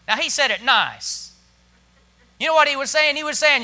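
Male pastor, very high sharp voice, dynamic sermon delivery. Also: moderate pace. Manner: preaching with big swings from hushed to shouted. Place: church.

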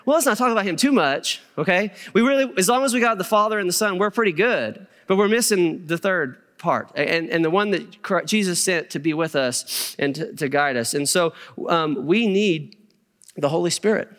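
A man's voice: high-pitched, moderate pace, fairly bright tone, in a large hall. A middle-aged man preaching a sermon as a pastor, telling stories with humor and asides to the congregation. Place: church sanctuary.

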